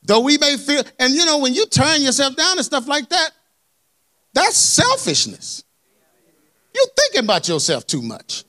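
A man preaching a sermon in a colloquial, animated way, asking the congregation for amens. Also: extremely high pitch, normal speed. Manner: colloquial, dropped verbs and y'all.

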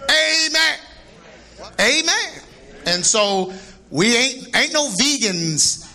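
A man preaching a sermon to a congregation, joking and laughing and breaking into shouts. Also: extremely high pitch, very animated, extremely slow, some chatter behind. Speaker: pastor. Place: church before a congregation.

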